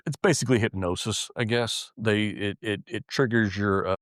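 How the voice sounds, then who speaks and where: Male officer, interview guest: low voice, dry and close, profane, halting restarts. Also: no echo. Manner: heavy swearing, frequent restarts and repeated words. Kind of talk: casual interview storytelling.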